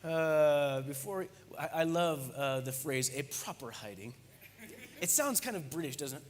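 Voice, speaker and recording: Man, pastor preaching, fairly high voice, joking conversational delivery, church hall echo. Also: expressive, a little slow, slight background noise. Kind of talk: sermon. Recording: echoey church hall reverb.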